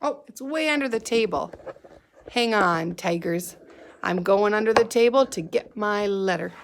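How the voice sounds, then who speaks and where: Lady teacher doing a reading lesson for little kids, slow and patient, cheering them on. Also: medium pitch, a little hiss or hum. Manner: slow, patient and encouraging, speaking to children. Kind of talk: reading lesson for young children.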